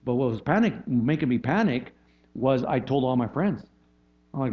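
A man's voice: medium pitch, brisk, lo-fi sound. A man preaching a sermon as a pastor, in a conversational way, often checking in with "right?" and restarting his phrases.

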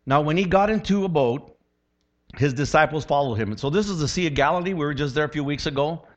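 A man preaching a sermon as a pastor, animated, acting out quotes and voices as he teaches. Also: a little high, quick pace.

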